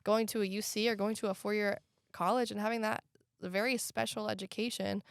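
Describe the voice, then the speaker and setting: Gravelly-voiced young woman, sassy and frank. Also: mid-range voice, little pitch movement, fairly quick, dry recording, studio quality. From Southern United States. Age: young adult. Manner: frank, sassy asides, opinionated. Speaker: podcast co-host; community college student and student life worker. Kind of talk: casual chat.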